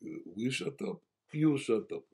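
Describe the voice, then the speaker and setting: A man's voice: mid-range voice, animated, moderate pace, dark tone, breathy edge, voice pushed up. A man voicing a big, macho Israeli man with a blunt, brash manner.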